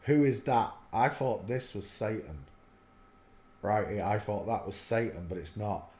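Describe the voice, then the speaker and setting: A man's voice: lowish voice, unhurried, darkish tone. Earnest preachy man in an echoey room. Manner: earnest, preachy, with many fillers. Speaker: religious video host. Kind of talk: rambling spoken commentary.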